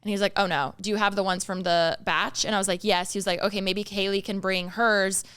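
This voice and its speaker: A young woman co-hosting a podcast, telling a story in animated casual chat, acting out quoted lines and often laughing. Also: medium pitch, a little fast, smooth. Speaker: podcast co-host.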